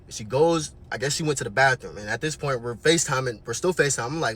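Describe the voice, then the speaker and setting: A young man telling a storytime monologue in an animated, slangy way, often checking in with the listener. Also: on the high side, fast talker, few pauses, breathy edge. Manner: animated, slangy, keeps checking in with "right?" and "okay?". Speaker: vlogger.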